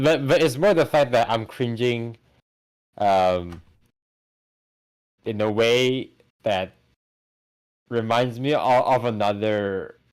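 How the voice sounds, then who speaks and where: A man co-hosting a casual movie podcast, talking in animated bursts full of stammered restarts and swearing. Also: mid-range voice. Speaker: podcast co-host. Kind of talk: casual chat.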